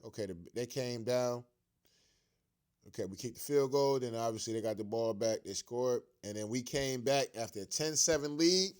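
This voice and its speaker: A clear, resonant mid-range male voice carries this fired-up fan rant. The speaker, a sports rant vlogger on his own show, is upset and frustrated, cursing in slangy language, saying things over again and laughing in disbelief.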